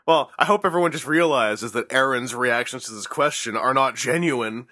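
A man's voice: mid-range voice, lively intonation, moderate pace, hardly any pauses, pushed and bright, no echo, studio quality. A man hosting a podcast in casual chat, joking and teasing his co-host in a showman-like way.

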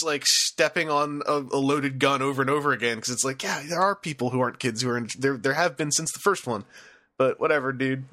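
A young man with a bright, fairly high voice hosts a casual podcast. He rambles and jokes as he reads out news and reader comments. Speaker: podcast host and producer. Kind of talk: casual chat.

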